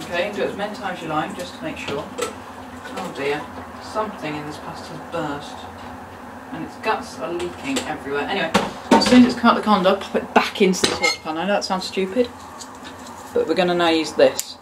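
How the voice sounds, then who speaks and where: A woman with a slightly low voice talks through a casual cooking demo in her home kitchen. She keeps up a chatty stream of joking, self-mocking asides. Clattering pans and kitchen noise are clearly heard behind her. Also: a little fast. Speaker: cooking video host. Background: cutlery, pots and kitchen ambience.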